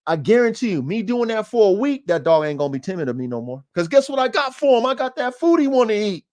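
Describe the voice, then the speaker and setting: Man, dog trainer podcast host, slightly high voice, very lively swings in pitch, casual livestream chat. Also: quick pace. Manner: animated, talks straight to listeners as "y'all".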